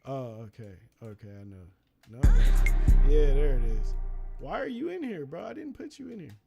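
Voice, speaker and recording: A man's voice: very animated, normal speed, gravelly, loud music behind the voice. A man who produces beats, telling a casual, profane story during a livestream and acting out the people he quotes. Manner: slangy and profane, acts out quoted people in a higher voice. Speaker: beat producer streaming his sessions.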